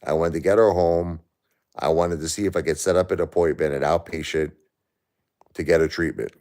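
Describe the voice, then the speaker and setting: Very deep-voiced exhausted man on a livestream. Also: fairly quick, a little mellow. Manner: weary, distressed, repetitive. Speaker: livestream host. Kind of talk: emotional live stream talk to chat.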